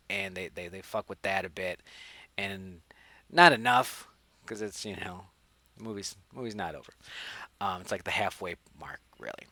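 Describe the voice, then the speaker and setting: A man hosting a podcast, reviewing a movie in a rambling, profane, animated way into a studio mic. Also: mid-range voice, no echo. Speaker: podcast host. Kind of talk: casual movie review chat.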